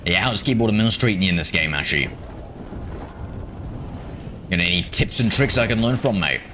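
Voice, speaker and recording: Young Aussie male streamer, very low voice, chatty and rambling over noisy game audio. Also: lively intonation, moderate pace. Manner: chatty, rambling with many ums. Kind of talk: casual live-stream chat.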